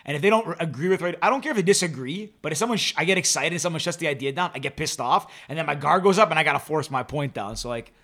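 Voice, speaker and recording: A man's voice: fairly high pitch, expressive, racing, few pauses, a bit bright. A young man co-hosting a podcast, casually telling a funny travel story and acting out the quotes with laughs. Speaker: podcast co-host.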